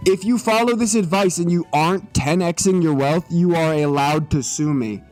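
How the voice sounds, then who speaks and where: A man's voice: on the high side, moderate pace, darkish tone, soft background music. A young man streaming live, joking and swearing in a mock-serious monologue, a little tipsy.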